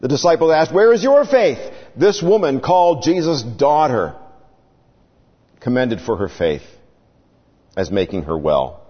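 A man's voice: on the high side, very animated, moderate pace, few pauses, slightly rough. A man preaching a sermon, acting out the people in the story with dramatic swings in his voice. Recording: dull sound with long reverb.

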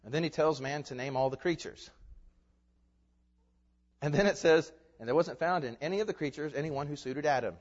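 A man preaching a sermon in a church, lively and emphatic, moving between loud declarations and quiet asides. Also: a little high, brisk, long pauses. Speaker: pastor. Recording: dull sound with long hall reverb.

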